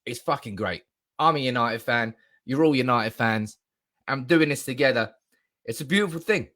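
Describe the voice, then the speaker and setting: A young man live streaming as a football fan, chatting excitedly, reading comments aloud and swearing with bursts of shouting, at a desk mic indoors. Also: medium pitch, normal speed.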